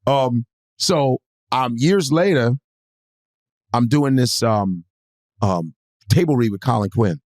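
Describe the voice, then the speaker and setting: A man's voice: mid-range voice, takes it slowly, long pauses, no echo. A man, a comedian guest, telling a story in casual chat and acting out other people's lines in shifting voices. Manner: animated storyteller, acts out quotes in shifting voices, swears freely.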